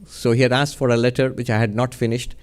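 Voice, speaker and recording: A man, a monk, giving a spiritual talk in a gentle, reflective storytelling manner, often chuckling. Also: medium pitch, level tone, fast.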